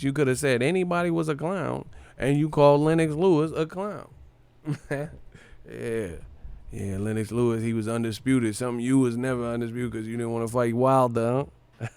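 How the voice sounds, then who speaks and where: A man's voice: medium pitch, creaky, a little mellow, smooth, no echo. A man hosting a casual boxing live stream, mocking and profane, laughing often between his jabs.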